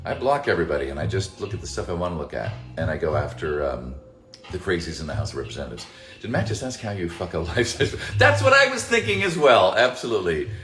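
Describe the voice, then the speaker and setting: Deep-voiced guy reading chat and rambling, swears a lot, voice jumps all over, echoey room w/ faint music. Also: expressive, quick pace. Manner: rambling, profane, reads chat messages aloud. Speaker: voice actor answering fan questions. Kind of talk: casual livestream Q&A. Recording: roomy echo, faint music.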